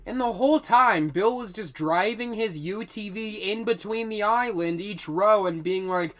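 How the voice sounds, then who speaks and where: A man's voice: high-pitched, normal speed, hardly any pauses, fairly bright tone. A young man telling a rambling, profane storytime vlog.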